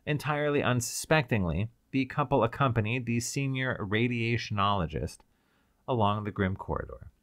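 Guy reading an audiobook, lively tone, dry close sound. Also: medium pitch, normal speed, no room sound. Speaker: narrator. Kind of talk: audiobook narration.

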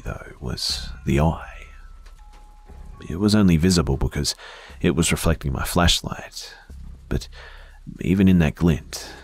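Man, very deep voice, husky, hushed dramatic horror narration, drops to whispers. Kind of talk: scripted first-person horror narration.

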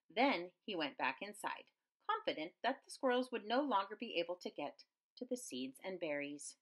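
A woman reading a children's picture book aloud with very expressive swings in pitch and loudness. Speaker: storyteller.

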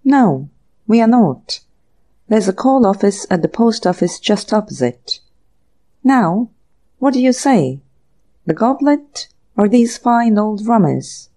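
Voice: mid-range voice, very animated, slow, warm tone. A narrator voicing a truculent, very old woman shopkeeper with a forbidding, brusque manner in an audiobook.

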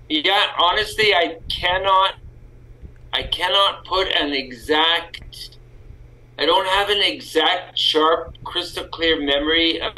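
A Canadian man chatting as a podcast guest, unhurried and deliberate, with a strikingly bright, forward tone and a slightly higher pitch. He rambles, restarts and corrects himself mid-thought, candid and open. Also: low-quality recording. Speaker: guest actor. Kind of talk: casual podcast interview.

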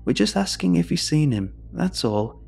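A man's voice: a little high, very animated, normal speed, creaky, darkish tone, slightly rough, soft background music, voice pushed up, exaggerated voice. A man voicing an earnest, cautious young boy who talks politely and eagerly.

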